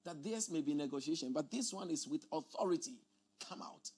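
A man's voice: on the high side, lively intonation, a little fast, a little mellow, breathy edge. A man preaching a teaching sermon, explaining scripture emphatically and often repeating his words.

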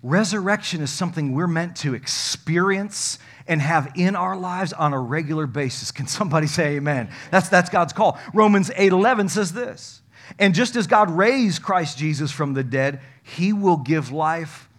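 A male pastor preaching a sermon, emphatic and folksy, joking with the congregation and swinging from loud to hushed. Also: on the high side, normal speed.

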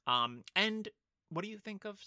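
A man co-hosting a podcast in casual chat, playful and quick to laugh. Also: high-pitched, lively intonation, pushed and bright, smooth, dry recording, studio quality. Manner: playful, laughs often, slips into silly put-on voices. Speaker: podcast co-host.

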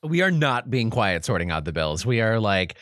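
A man with a bright, tense edge to his voice at the game table, recorded close and dry. He talks in a quick, backpedalling way. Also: on the low side, big pitch swings, no echo. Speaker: player. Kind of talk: casual tabletop role-play.

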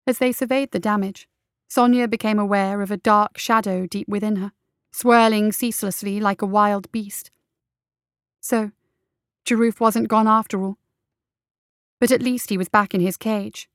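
A woman reading fantasy narration for an audiobook in a steady, measured way. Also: medium pitch, smooth, dry recording, studio quality.

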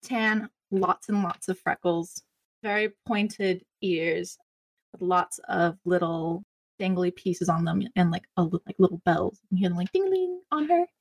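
A woman's voice: lowish voice, lively intonation, unhurried, no room sound. A woman playing a tabletop game, chatty and giggly as she describes her character. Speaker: player.

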